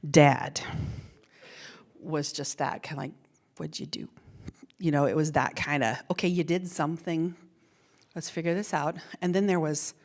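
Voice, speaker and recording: A middle-aged woman giving a plenary talk, telling a personal childhood story in an animated way with frequent repeats and laughs. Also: lowish voice. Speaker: plenary speaker. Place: university ballroom.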